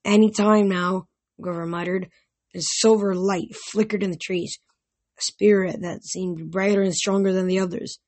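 Husky woman reading an audiobook. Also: fairly low pitch, fairly even intonation, normal speed, a little mellow. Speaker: reader.

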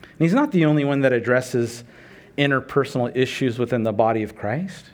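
A man's voice: mid-range voice, lively intonation, brisk. A middle-aged man preaching a sermon in a conversational way, asking rhetorical questions and acting out prayers and dialogue. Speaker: pastor.

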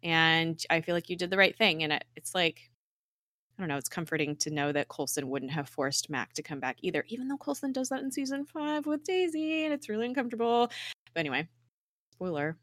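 A woman's voice: medium pitch, a little fast, dry recording, clean studio sound. A woman co-hosting a podcast, casually recapping a TV episode with lots of "like" and "um", slipping into characters' lines as she retells. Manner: animated retelling, mimics characters in quotes, frequent "like" and "um". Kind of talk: casual chat.

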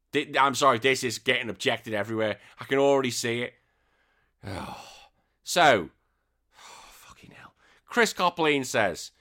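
A man's voice: mid-range voice, animated, slow, long pauses, sharp tone. A man hosting a casual podcast, reading comments in an exasperated, ranting, sweary way. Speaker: podcast host.

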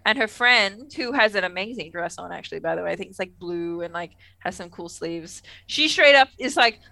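A woman's voice: on the low side, lively intonation, brisk, creaky, pushed and bright, no echo. A young woman chatting casually as a podcast co-host, laughing and trailing off mid-sentence. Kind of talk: casual chat recapping a TV episode.

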